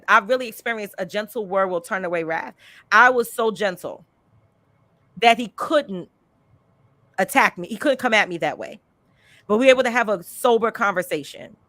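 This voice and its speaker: A woman's voice: medium pitch, no room sound. Chatty woman podcast host, dry sound. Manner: animated, chatty, frequent "you know" and "like". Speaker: podcast host and life coach. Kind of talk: candid conversational storytelling.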